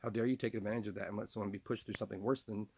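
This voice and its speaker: A man's voice: fairly low pitch, steady tone, very fast, vocal fry, background noise. A man delivering a rambling, accusatory monologue from his trailer home, talking about himself in the third person. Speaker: vlogger.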